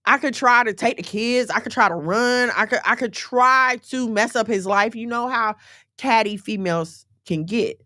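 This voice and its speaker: A woman's voice: fairly high pitch, normal speed, pushed and bright, no room sound, studio quality. A woman hosting a casual livestream, giving blunt relationship advice to her viewers and checking in with them as she goes. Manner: emphatic, repeatedly checking in with listeners.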